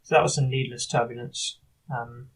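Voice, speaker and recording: A man recording a confessional video diary, talking in a halting, rambling way with many restarts. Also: medium pitch, level tone, distant mic, poor audio. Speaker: video diarist.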